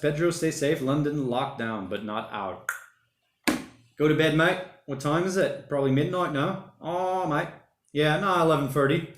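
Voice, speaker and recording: A man with a slightly high voice hosts a relaxed livestream from home during lockdown, and the room sounds spacious. He rambles and chats loosely, reading out viewer comments in slangy talk full of words like "mate" and "bloody."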